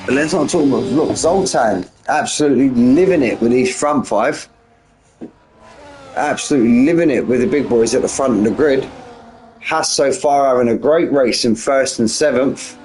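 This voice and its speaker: A man in his forties with a mid-range voice gives casual, slangy live race commentary at a normal speed, with soft music behind and low-quality audio. He chats between calls, answers chat mid-race, and jumps up in excitement at close moments.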